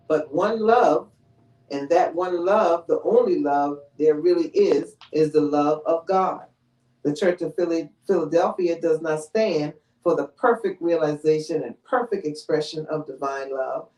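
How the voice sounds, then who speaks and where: A woman giving a conversational sermon, teaching in a relaxed way and often checking in with the congregation with "all right?" and "you know". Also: sits low. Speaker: preacher. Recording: echoey room, mic from far off.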